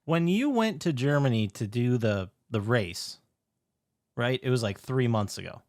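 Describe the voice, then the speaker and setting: A man co-hosting a podcast, adding wry, deadpan sarcasm to casual chat. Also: medium pitch, measured pace, no echo, clean studio sound. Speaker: podcast co-host.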